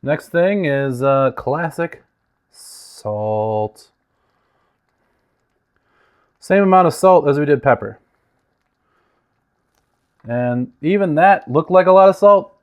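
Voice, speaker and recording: A slightly high, clear and resonant male voice talks slowly, with long pauses, while hosting a casual home-kitchen cooking demo. He is chatty and full of jokes, and his volume varies a lot as he sometimes moves away from the mic.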